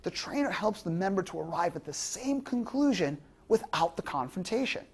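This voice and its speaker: A woman's voice: fairly low pitch, very animated, normal speed, husky. A woman giving an instructional lecture to fitness trainers, explaining through examples and rhetorical questions.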